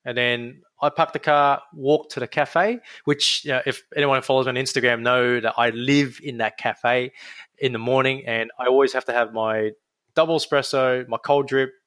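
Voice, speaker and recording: In a casual, lively interview, a young Australian podiatrist keeps restarting his thoughts. His medium-pitched voice moves at a moderate pace, recorded with no room sound.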